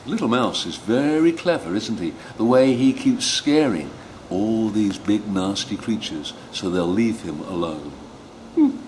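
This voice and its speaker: A man's voice: lowish voice, expressive, unhurried, darkish tone, a little hiss or hum. A man demonstrating a children's picture book read-aloud, with playful, musing asides to the viewer. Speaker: storyteller teaching reading aloud. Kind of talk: instructional read-aloud with commentary.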